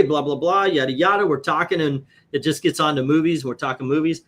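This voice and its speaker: A man hosting a stream, telling profane, animated anecdotes in casual chat. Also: on the high side, brisk. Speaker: host. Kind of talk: casual storytelling on a live stream.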